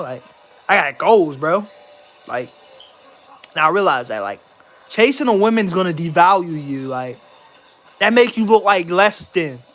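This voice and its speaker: A man's voice: high-pitched, a bit bright. A young man talking straight to camera in a rambling, repetitive way, swearing and acting overconfident. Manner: rambling, repeats himself, swears, mock-confident. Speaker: vlogger. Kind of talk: casual venting monologue to camera.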